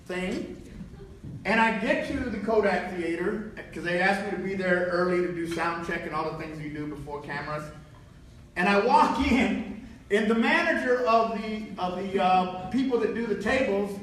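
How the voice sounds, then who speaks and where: Man from Texas, very high voice, lively keynote storyteller who acts out his scenes; heard from a distance in a booming hall. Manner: animated storyteller acting out dialogue with laughs. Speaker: keynote speaker. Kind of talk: motivational storytelling speech. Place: large hotel event hall. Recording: very echoey hall, voice far from mic.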